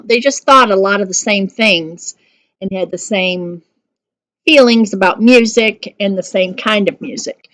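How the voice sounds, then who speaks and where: A woman's voice: medium pitch, no room sound. Dry-sounding woman teaching music history. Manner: conversational, with fillers and self-corrections. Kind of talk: recorded music history lesson.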